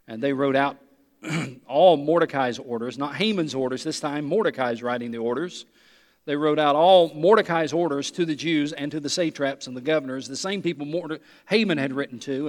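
A man preaching an expository sermon in an animated, emphatic, conversational teaching manner. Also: mid-range voice, big-room sound.

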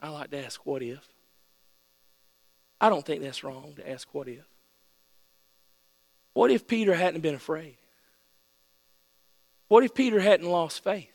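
A man preaching a sermon with playful storytelling that builds into excited shouts. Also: a little high, moderate pace, creaky, pauses often. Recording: long hall reverb with mains hum.

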